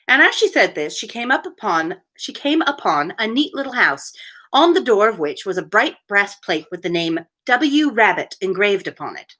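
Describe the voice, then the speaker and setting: A woman hosting a relaxed read-aloud, mixing narration with chatty commentary. Her voice is bright and crisp. Her pitch moves a lot, giving an animated lilt. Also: brisk. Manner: chatty, laughs at her own asides. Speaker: host reading aloud.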